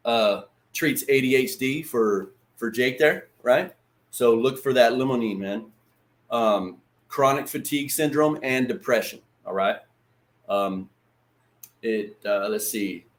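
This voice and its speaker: A man hosting a casual livestream lesson. He talks in a loose, chatty way, swears freely and greets viewers by name. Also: mid-range voice. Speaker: livestream host.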